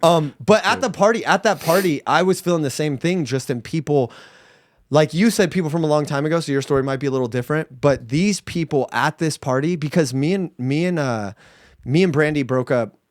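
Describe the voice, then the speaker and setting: A man's voice: fairly quick, no room sound, studio quality. A man in his thirties co-hosting a casual podcast, telling a story with lots of swearing and acted-out quotes. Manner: animated storyteller, acts out quotes with pitch jumps and swearing. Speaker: podcast co-host. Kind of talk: casual chat.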